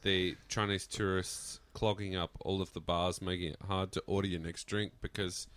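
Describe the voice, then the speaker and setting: A man's voice: low-pitched, level tone, normal speed, fairly bright tone, slight background noise. A man co-hosting a casual podcast, putting dry, joking questions to the others. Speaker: podcast co-host. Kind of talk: casual chat.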